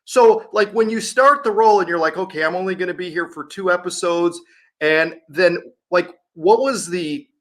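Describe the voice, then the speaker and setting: A man's voice: sits high, normal speed. A man hosting an interview over a video call, asking chatty, enthusiastic questions. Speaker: host.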